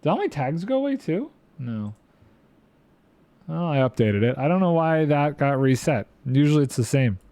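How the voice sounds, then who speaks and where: Lively, mellow-voiced male game streamer. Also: on the high side, normal speed, dry recording. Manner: chatty, playful, thinking aloud, reads chat. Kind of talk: casual gameplay commentary.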